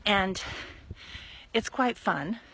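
A woman chatting casually on a live stream while walking outdoors in her neighborhood, telling animated stories and acting out conversations into a phone held at arm's length. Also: medium pitch, drawn-out words, vocal fry, a little hiss or hum. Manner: animated chatty storyteller, acts out quotes. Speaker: network marketer.

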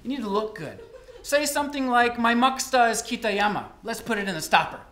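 A man's voice: very high-pitched, expressive, brisk, pushed and bright, a little hiss or hum, heavily acted. A man playing a bossy, know-it-all traveler from Osaka who lectures his friend, told live on a college stage in a roomy hall. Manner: lecturing, sure of himself. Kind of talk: live comic storytelling. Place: college stage before an audience.

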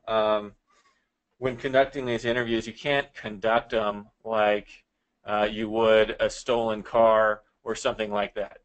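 A man in law enforcement presenting a training webinar in a relaxed way, with many fillers. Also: lowish voice, lo-fi sound.

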